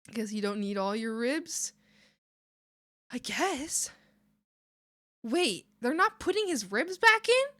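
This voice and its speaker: A woman streamer chatting casually to her viewers, excitable and rambling, laughing often. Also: a little high, takes it slowly, pauses often. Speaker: art streamer. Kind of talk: casual live-stream chat.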